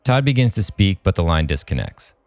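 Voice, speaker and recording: A man co-hosting a podcast, reading a horror script aloud in an even narrating voice. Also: low voice, fairly quick. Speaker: podcast co-host and script reader.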